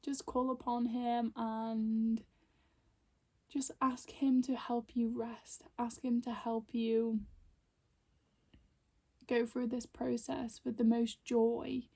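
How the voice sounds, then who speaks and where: Soft-spoken woman doing a card reading. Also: on the high side, level tone, slow pace, pauses often. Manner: soft, emotional, rambling with many fillers. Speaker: spiritual card reader. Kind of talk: intuitive oracle card reading. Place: home room with plants.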